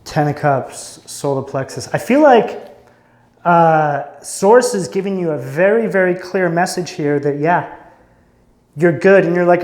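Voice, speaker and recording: A man's voice: a little high, measured pace, darkish tone. A man doing an intuitive tarot reading, musing and searching as he talks, often breaking off mid-sentence. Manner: musing, searching, self-interrupting. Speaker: tarot reader. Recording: roomy echo.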